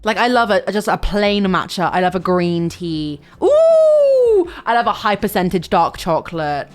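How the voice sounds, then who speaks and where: A woman's voice: fairly low pitch, normal speed. A young woman chatting casually on a livestream, swearing freely and reading chat aloud.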